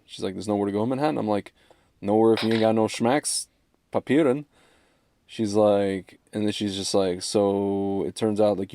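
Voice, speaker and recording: A man's voice: lowish voice, dark tone, dry recording. A man in his thirties co-hosting a casual chat show, rambling with restarts, laughing often and acting out quoted voices. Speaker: podcast co-host.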